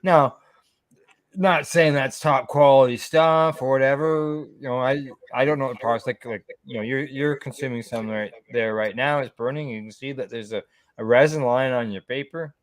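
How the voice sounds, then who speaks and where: A man's voice: medium pitch, fairly even intonation, normal speed, dry recording, clean studio sound. Rambling man hosting a casual chat. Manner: rambling, full of "you know" asides. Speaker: host.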